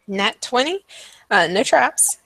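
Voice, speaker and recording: A woman narrating a tabletop game as game master, slow and hesitant with many fillers. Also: fairly high pitch, sing-song, a bit bright, dry recording.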